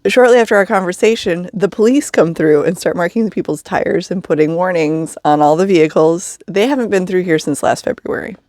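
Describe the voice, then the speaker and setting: A woman's voice: lowish voice, fairly quick, few pauses, darkish tone, no room sound, studio quality. A woman telling a story in a casual vlog, chatty, with wry asides and frequent laughs. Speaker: vlogger living in a vehicle.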